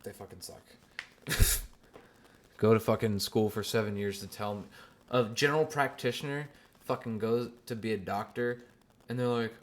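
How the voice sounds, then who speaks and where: Give me a young man with a low voice telling a profane, animated story on his podcast. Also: normal speed, long pauses. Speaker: podcast host. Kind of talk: casual solo podcast chat.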